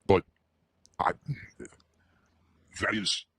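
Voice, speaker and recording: A man chatting on a livestream in a rambling, halting way, stammering and repeating his words. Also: a bit bright, no room sound, studio quality. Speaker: streamer.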